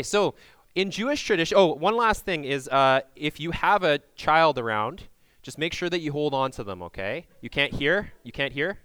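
A man leading a group through a Passover meal, giving loud instructions into a microphone and checking in with frequent "okay?"s. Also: mid-range voice, clean tone, no echo. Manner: projects loudly into a microphone. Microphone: handheld or stand microphone.

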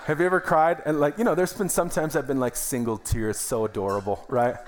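A man's voice: fairly high pitch, fairly even intonation, a little fast, slight background noise. A young adult man, a pastor, preaching a sermon in a church in a conversational, emphatic way with calls of amen. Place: church sanctuary.

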